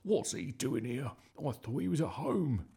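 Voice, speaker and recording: A man reading aloud and voicing a worried father who speaks in a hushed, grim way. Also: medium pitch, big pitch swings, a little slow, gravelly, husky, voice pushed up, exaggerated voice.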